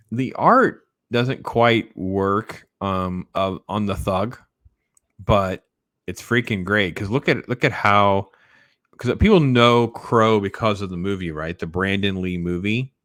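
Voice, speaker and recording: A man's voice: deep voice, a bit bright, no echo, studio quality. A man chatting casually and enthusiastically about comic books, rambling with lots of fillers. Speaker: comic book collector. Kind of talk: casual video chat.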